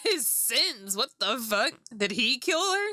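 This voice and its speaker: A woman's voice: fairly high pitch, very animated, takes it slowly, sharp tone, no room sound, clean studio sound. Giggly, swearing young woman streamer. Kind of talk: casual game-stream chat. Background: background music.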